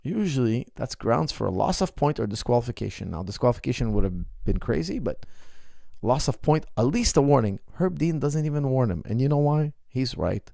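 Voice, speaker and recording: A man coaching fighters talks through a bout in casual podcast style, driving each point home with emphasis and repetition. His voice has a gravelly edge at a middle pitch. The sound is dry and close, with no room around it. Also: fairly quick, no echo. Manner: animated, emphatic, repeats points. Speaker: MMA coach.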